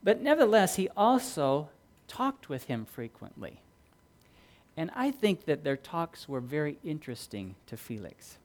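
A man's voice: fairly high pitch, sing-song, unhurried. Earnest male pastor preaching a sermon. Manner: earnest, storytelling, swings between loud emphasis and quiet.

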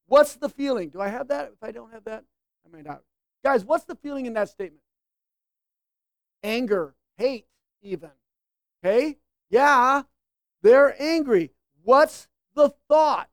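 A woman's voice: a little high, animated, a little slow, no echo. A woman preacher teaching in a conversational sermon, often checking in with her listeners and acting out quoted lines. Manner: conversational, acts out quoted lines with shifting voices.

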